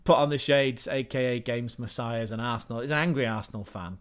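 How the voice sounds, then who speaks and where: A man's voice: mid-range voice, brisk, smooth. An English man hosting a livestream, telling a rambling anecdote in casual, sweary speech with frequent self-corrections. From England. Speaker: livestream host.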